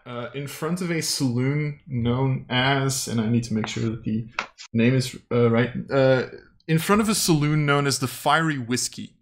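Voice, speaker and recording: A man of middle pitch narrates a tabletop game as game master. He rambles, fills gaps with fillers and laughs often. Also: fairly bright tone, a little hiss or hum.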